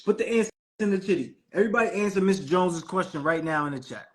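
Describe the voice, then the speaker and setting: Preachy hyped-up man, high voice. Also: lively intonation, quick pace. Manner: preachy, hyped, calls the audience Queen. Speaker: host of a live call. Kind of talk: motivational live-stream talk.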